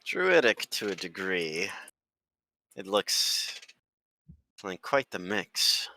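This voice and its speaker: A man's voice: sits low, sing-song, very slow, bright, forceful tone, heavily acted. A man voicing a courteous, curious male scholar who speaks in formal phrases.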